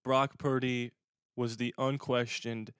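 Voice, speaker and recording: This is a young man hosting a sports podcast in a loose, jokey way. His voice is smooth and resonant. The recording is dry and close, with no room sound. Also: medium pitch, little pitch movement, takes it slowly, a bit bright, no room sound. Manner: jokey, breaks into a mock radio voice. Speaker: podcast host. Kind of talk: casual sports podcast chat.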